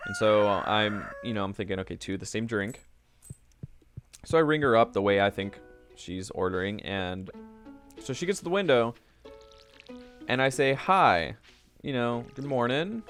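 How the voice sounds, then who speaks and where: A young man talks through a game in a loose, rambling way, often trailing off mid-thought. His pitch rises and falls a lot as he chats. Soft game music plays underneath him. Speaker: gaming video creator. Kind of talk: casual gameplay commentary with storytelling.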